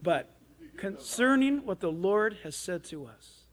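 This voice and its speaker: Animated male pastor with a high voice. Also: slow pace. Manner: animated storytelling, acts out other people's voices. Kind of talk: radio sermon.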